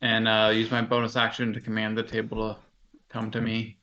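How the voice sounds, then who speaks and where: A man's voice: on the low side, monotone, a little fast, bright, forceful tone, lo-fi sound. A man playing a tabletop game, describing his turn plainly. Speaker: player. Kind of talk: casual tabletop play.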